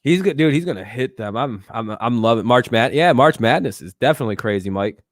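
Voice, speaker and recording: A man's voice: medium pitch, expressive, fairly quick, no room sound, clean studio sound. A man hosting a casual live sports talk stream. He talks back to his chat and swears freely. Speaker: streamer host.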